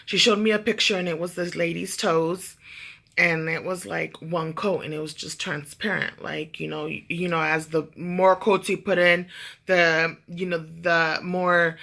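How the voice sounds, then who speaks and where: A woman talks straight to camera in a casual storytime vlog. Her voice is bright and a little sharp. She rambles, swears freely and fills gaps with fillers and asides. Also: lowish voice, little pitch movement, a little slow, creaky. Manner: chatty, profane, lots of fillers and asides. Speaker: vlogger.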